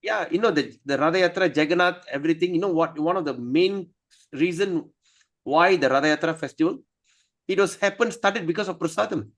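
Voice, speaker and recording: A man teaching a scripture study class, telling stories in a playful, animated way. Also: a little high, fairly quick.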